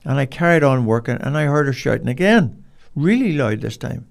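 An older man with a Northern Irish accent, telling rambling, animated stories as an interview guest. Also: medium pitch, normal speed, gravelly, few pauses. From Northern Ireland. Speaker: guest, dog trainer. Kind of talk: casual storytelling.

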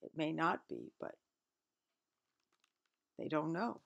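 Woman storyteller, very animated, gentle picture-book read-aloud with asides. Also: low-pitched, slow, vocal fry, highs cut off. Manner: expressive, stops to explain the pictures.

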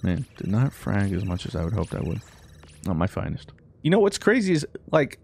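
A man giving casual gameplay commentary as a YouTuber, excitable, yelping and talking to himself as he plays. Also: mid-range voice, creaky. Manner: excitable, yelps and exclaims, talks to himself. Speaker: gaming YouTuber.

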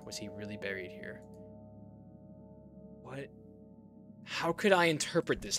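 A young man hosting a let's play, chatting excitably and swearing casually as he plays. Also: mid-range voice. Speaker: gaming video host.

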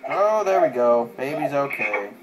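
A man giving casual let's play commentary with sarcastic, deadpan asides. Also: medium pitch, a little slow, poor audio. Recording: game music playing behind.

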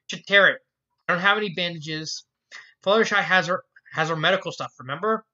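A reader voicing a bookish, anxious young mare who talks haltingly and trails off. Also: medium pitch, pushed and bright, lo-fi sound, lightly acted. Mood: hesitant, worried.

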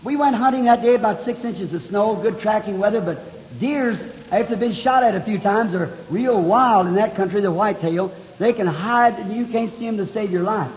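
A man's voice: high-pitched, moderate pace, a little mellow. A man preaching a sermon, telling a story in a folksy country way with plain homespun grammar. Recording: dull, echoey 1960 hall recording.

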